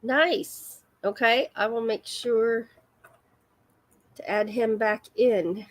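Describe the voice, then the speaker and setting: Giggly chatty woman host, high voice. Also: steady tone, takes it slowly. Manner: giggly, self-deprecating, chatty. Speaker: livestream host. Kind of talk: casual live chat with viewers.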